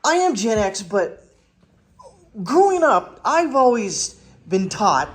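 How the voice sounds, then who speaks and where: Sarcastic high-voiced man commentator. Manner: sarcastic, mocks others in high whiny voices. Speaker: political commentator. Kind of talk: casual political commentary.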